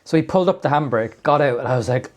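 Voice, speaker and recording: A man's voice: mid-range voice, animated, quick pace. A young man telling a rambling story on a podcast, full of fillers and laughter. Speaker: podcast co-host. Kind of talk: casual storytelling chat.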